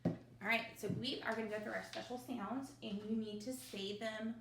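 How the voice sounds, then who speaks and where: A woman teacher, leading young children through a phonics review with slow, drawn-out drills and cheerful asides, recorded at home. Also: on the high side, fairly even intonation, fairly bright tone, slight background noise. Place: home, at her mother's desk. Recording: echoey room.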